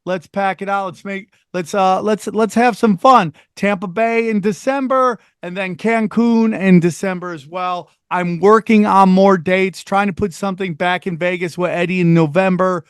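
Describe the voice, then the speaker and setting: Man, podcast host, casual profane chat, high voice, dry sound. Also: moderate pace, hardly any pauses, clean tone, no echo. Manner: animated, profane, riffing with mock voices.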